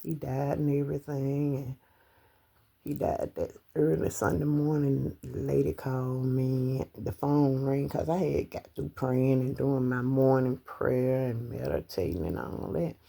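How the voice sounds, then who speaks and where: A woman's voice: very deep voice, fairly even intonation, a little slow, gravelly, dark tone. A middle-aged woman telling of her husband's death in a personal vlog, crying, rambling and dropping into whispers. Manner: tearful, breaks into whispers and cries, rambling. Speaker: widow sharing her grief. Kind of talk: emotional personal story vlog.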